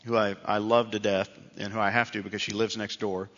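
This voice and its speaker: Middle-aged male pastor, bright voice, easygoing storytelling sermon, dull hall recording. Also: lowish voice, level tone, a little fast. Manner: conversational storytelling preacher, self-deprecating. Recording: dull reverberant hall sound.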